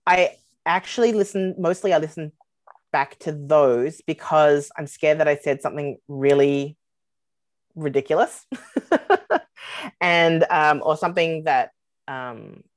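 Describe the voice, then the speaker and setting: A woman talking as a podcast guest in a loose, rambling way, with many pauses and fillers. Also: low-pitched, no echo. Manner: rambling, hesitant, many ums and likes. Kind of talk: casual podcast chat.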